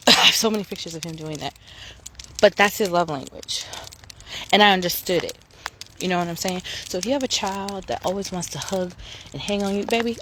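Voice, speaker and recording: A woman in her thirties talking frankly and emphatically to camera while out on a morning walk, swearing freely. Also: medium pitch. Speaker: vlogger. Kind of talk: casual rant to camera. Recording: noisy outdoor phone recording.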